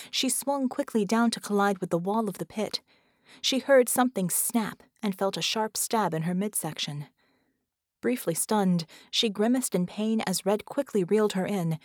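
A woman's voice: medium pitch, dry recording. Woman narrating an audiobook, dry and close. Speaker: audiobook reader.

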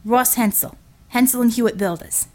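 A woman's voice: fairly high pitch, normal speed, natural voice. A woman voicing a brash, chauvinist middle-aged male builder who talks with folksy swagger in an audiobook. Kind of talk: audiobook character voice.

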